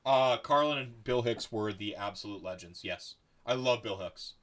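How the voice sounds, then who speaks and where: A man hosting a casual podcast chat, animated and loose, swearing freely and restarting his sentences. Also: lowish voice, normal speed, over a noisy crowd. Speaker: podcast host.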